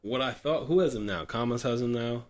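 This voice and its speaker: A man's voice: mid-range voice, fairly quick. A man co-hosting a podcast, rambling casually with frequent fillers. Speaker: podcast co-host. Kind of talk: casual fantasy football chat.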